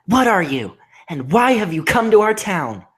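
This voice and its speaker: A man voicing a brave, steady young female pony leader who exclaims loudly and earnestly. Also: high voice, moderate pace, voice pushed up. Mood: defiant.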